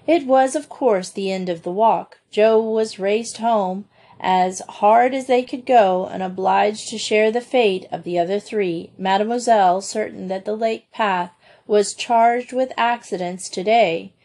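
A woman reading a children's school story aloud in a measured, expressive way. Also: medium pitch. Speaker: audiobook narrator.

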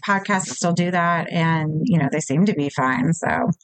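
Woman, podcast co-host, chatty, halting with fillers, dry close mic. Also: fairly low pitch, no room sound, low-quality recording. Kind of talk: casual podcast chat.

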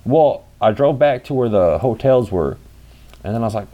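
A man's voice: mid-range voice, expressive, normal speed, warm tone. A young man telling a rambling story in a casual vlog, cursing freely and acting out the dialogue. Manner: rambling, profane, acts out quoted dialogue. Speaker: vlogger.

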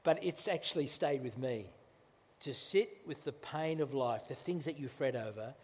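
A male pastor preaching a sermon in a conversational way, with restarts and slow, emphatic phrases, in a church. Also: medium pitch, slightly rough, in a large hall.

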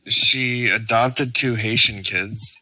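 A man co-hosting a casual comedy podcast, reading out facts in a deadpan way. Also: medium pitch, takes it slowly, a little hiss or hum, low-quality recording.

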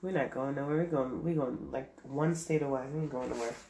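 A pregnant woman in her thirties co-hosting a casual chat, animated and quick to laugh, with an occasional cough. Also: a bass voice, crowd noise. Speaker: podcast co-host. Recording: roomy, faint background noise.

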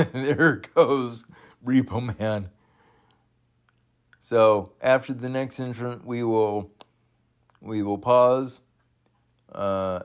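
A man hosting a casual watch-along. He talks at an unhurried, measured pace and keeps breaking into excited exclamations and chuckles. His speech halts often with fillers and restarts. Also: lowish voice, clear, resonant tone. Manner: excitable, exclaims and laughs at the action, halting with fillers.

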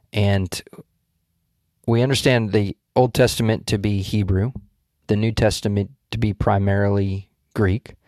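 A man's voice: fairly low pitch, a little mellow, dry recording, studio quality. A man co-hosting a casual Bible study discussion, explaining passages in a thoughtful, searching way with frequent restarts.

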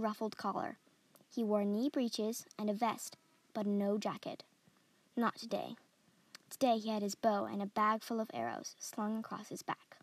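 A woman reading a story aloud in a steady, descriptive way as a podcast host. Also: medium pitch, dry recording. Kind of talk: scripted story narration.

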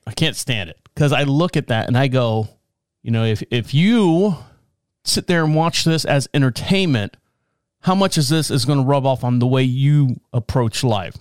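A man's voice: mid-range voice, smooth, no room sound. Rambling, joking man on a dry podcast mic. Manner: rambling, self-mocking, swears and laughs often. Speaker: podcast host. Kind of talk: casual monologue. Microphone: podcast mic, also filmed.

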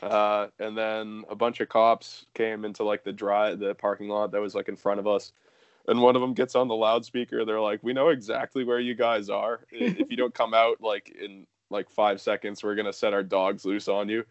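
A man's voice: fairly low pitch, steady tone, moderate pace, dry recording, muffled recording. A young man telling a story casually, rambling with lots of fillers and swearing.

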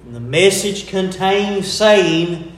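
A man delivers a sermon at a very slow, measured pace. His voice sits fairly high, and he pauses to stress key words. The sound carries a roomy echo. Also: expressive. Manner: slow, deliberate preaching with emphatic pauses. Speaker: preacher.

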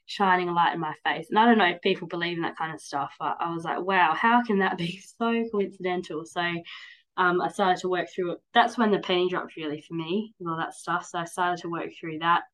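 This woman in her 30s has a fairly low, slightly bright voice and talks quickly on a low-quality recording. Appearing as a podcast guest, she chats casually and candidly for a long stretch. She rambles, and "like" and "um" come up often.

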